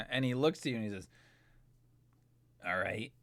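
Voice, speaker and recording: A man's voice: mid-range voice, fast talker, no echo. A man narrating a tabletop role-playing game as game master, talking in a loose, rambling way full of fillers.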